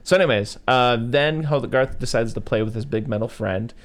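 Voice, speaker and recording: A man co-hosting a casual podcast, recapping a film scene by scene and slipping into quick silly voices for its characters. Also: medium pitch. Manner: animated, acts out movie characters in quick put-on voices. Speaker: podcast co-host. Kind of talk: casual movie recap chat.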